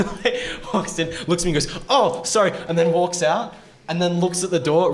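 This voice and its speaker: Rambling young male panel host. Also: a little high. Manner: rambling, self-interrupting storyteller who laughs often. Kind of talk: casual convention panel chat.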